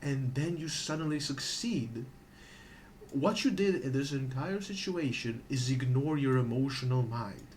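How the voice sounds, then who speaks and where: A man's voice: medium pitch, lively intonation, a little slow, a little mellow, a little hiss or hum. A man giving a casual, profane rant about how to improve, often checking in with "okay?" and "right?". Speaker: gaming streamer.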